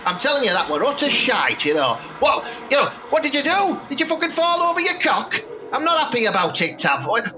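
A man's voice: very high-pitched, very animated, a little fast, hardly any pauses, noisy background. A man playing an angry older football manager, swearing at and berating his team. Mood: furious. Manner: ranting, swearing, bullying. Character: foul-mouthed older male football manager, furious.

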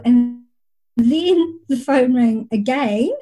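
Soft music plays behind a middle-aged woman, a psychic medium, as she slowly and warmly shares long stories of her experiences. Her somewhat high voice comes through a rough recording in this reflective, conversational interview.

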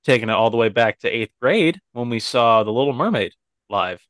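A man's voice: mid-range voice, lively intonation, brisk, a bit bright, no room sound. A young man co-hosting a casual podcast, asking questions and teasing his friend. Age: young adult. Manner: teasing, jokey interjections. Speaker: podcast co-host. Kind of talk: casual chat.

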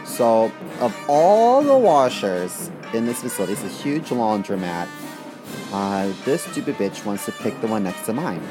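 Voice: medium pitch, very animated, unhurried, over music. A co-host in casual podcast chat, telling a story bluntly and with a lot of swearing.

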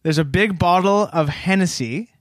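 A man's voice: high voice, normal speed. A man co-hosting a comedy podcast, talking in an easygoing, hesitant way with many fillers. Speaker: podcast co-host. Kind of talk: casual comedy podcast chat.

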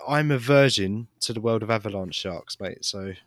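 A man's voice: on the low side, normal speed. A man from the UK co-hosting a podcast in playful, teasing, casual banter. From United Kingdom. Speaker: podcast co-host.

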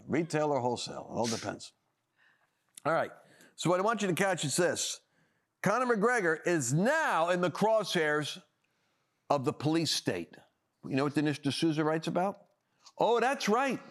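A man's voice: high-pitched, a bit bright. Emphatic sarcastic male talk host. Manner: emphatic, sarcastic, with frequent restarts. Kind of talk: opinionated political commentary.

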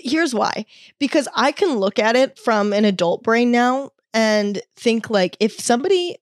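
A woman's voice: mid-range voice, no room sound. Young woman vlogger, confessional and candid, swears freely, dry close sound. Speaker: wellness vlogger. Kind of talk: confessional storytelling.

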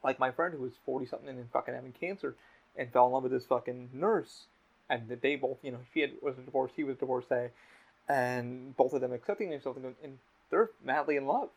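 A man's voice: mid-range voice, brisk, gravelly, lo-fi sound. A young man hosting a podcast, talking emotionally in casual chat, swearing often and restarting his sentences. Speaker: podcast host.

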